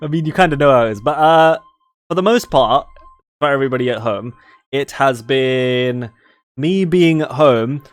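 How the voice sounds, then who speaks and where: A man's voice: mid-range voice, normal speed, no echo. A British man co-hosting a podcast in casual chat, telling stories with laughs and acted-out voices. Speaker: podcast co-host.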